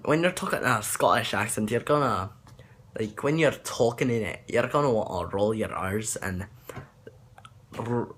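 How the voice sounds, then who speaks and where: A man's voice: mid-range voice, fairly bright tone. A young man talking casually about accents, rambling and hesitant with many fillers and restarts. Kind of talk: casual accent tutorial vlog.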